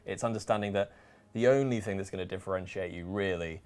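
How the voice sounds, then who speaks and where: Man, voice actor on a panel, lowish voice, wry self-mocking humor. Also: fast. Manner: joking, self-mocking anecdotes. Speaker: voice actor guest. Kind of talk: panel chat on a livestream.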